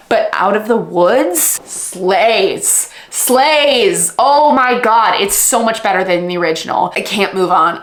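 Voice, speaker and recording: A young woman hosting a casual reading vlog, talking in an animated, gushing way with lots of fillers. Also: mid-range voice. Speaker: vlog host. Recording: echoey room.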